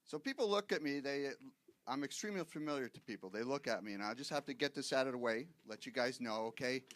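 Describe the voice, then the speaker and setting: A Boston man appearing as a guest stand-up comic performs a set at a live comedy show, his medium-pitched voice expressive, quick, and a bit bright. His delivery is punchy and wisecracking, full of "okay, guys?" asides as he checks in with the audience.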